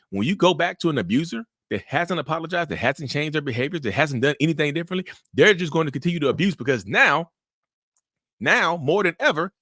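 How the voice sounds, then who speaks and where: Animated man giving blunt relationship advice. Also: on the high side, fairly quick, no room sound, clean studio sound. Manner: animated, preachy, repeats himself, acts out inner voices. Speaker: mental health channel host. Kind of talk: casual advice monologue to camera.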